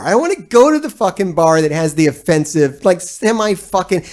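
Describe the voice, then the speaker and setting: This gaming streamer and video host speaks in a high, darkish voice that is brisk and very animated. His casual commentary to the live chat is an exasperated, profane, blunt rant, full of restarts, rambling and regular bursts of laughter.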